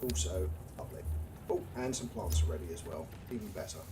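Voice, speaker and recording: A British man with a fairly low voice talks through a survival game stream in a casual, dry, chatty way, tossing off wry asides. Clear background hiss sits under his home microphone. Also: animated, fairly quick. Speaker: gaming live streamer.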